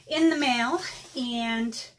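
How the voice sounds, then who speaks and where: In a very slow, slightly high voice, a middle-aged woman who vlogs about watercolor painting unboxes art supplies. Her talk is casual and meandering, peppered with ums, and she sounds a little winded over a faint hiss or hum.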